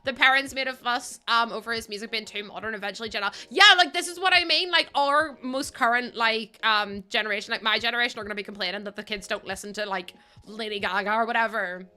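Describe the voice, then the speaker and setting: A woman's voice: on the high side, fairly even intonation, fast, bright, forceful tone, clear, resonant tone, faint music behind. A young woman livestreaming, chatting casually and self-mockingly with her viewers while she plays a game.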